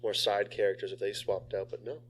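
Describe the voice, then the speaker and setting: A man's voice: fairly low pitch, little pitch movement, fairly quick, husky. A man in a casual movie review chat, laid-back and searching for words. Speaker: podcast co-host.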